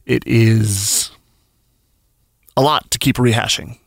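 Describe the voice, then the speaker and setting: A man's voice: medium pitch, animated, moderate pace, a bit bright, no room sound, studio quality. A man hosting a morning radio show, talking in an emotional, rambling way with sighs. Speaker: radio host. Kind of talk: casual morning radio chat.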